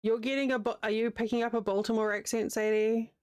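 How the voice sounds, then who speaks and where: A woman's voice: a little high, level tone, quick pace, a little mellow, clear, resonant tone, dry recording. A young woman with a New Zealand accent, chatting casually with her livestream audience while she crochets, rambling and answering chat as she goes. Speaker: streamer.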